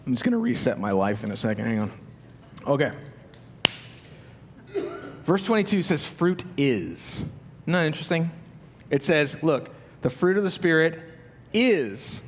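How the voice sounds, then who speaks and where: A man's voice: on the high side, sing-song, a little slow, long pauses, in a large hall, a little hiss or hum. A man preaching a sermon as a pastor, talking conversationally with rhetorical questions and acting out the inner voices of his listeners. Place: church auditorium.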